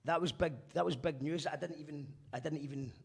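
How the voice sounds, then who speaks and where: A man's voice: fairly high pitch, a little fast, gravelly, slightly rough. A man with a Glaswegian accent hosting a casual live-stream interview, chatty and loose with the odd swear word. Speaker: radio host. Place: abroad, streaming live remotely.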